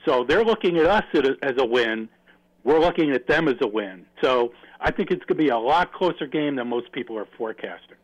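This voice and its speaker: A man calling in to a sports radio show, giving an earnest, steady take. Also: medium pitch, brisk. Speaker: caller. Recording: dull phone-line call.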